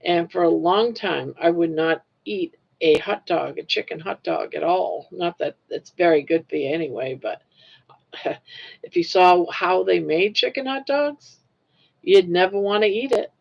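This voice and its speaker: Grandma chatting on her crochet live, kinda gravelly, muffled low-fi audio. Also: unhurried. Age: older. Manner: rambling, chatty, greets viewers, laughs easily. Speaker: livestream host. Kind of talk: casual chat while crocheting on a livestream. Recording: lo-fi livestream audio.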